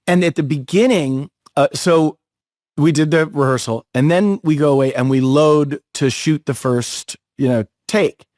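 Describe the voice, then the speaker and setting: A man telling a story in easy conversation, bouncing between his own voice and quick impressions of the people in it. The sound is dry and close, with no room around it. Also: a little high, no room sound. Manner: lively storyteller acting out other people's lines. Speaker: podcast co-host. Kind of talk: casual anecdote telling.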